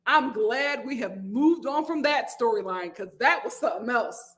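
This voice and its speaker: A woman's voice: moderate pace, few pauses. A young adult woman hosting a live reality TV review from home, chatting animatedly and reading viewer comments aloud. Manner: chatty and animated, jumps to high-pitched exclamations and acted quotes. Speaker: host. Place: home room, lit by a window.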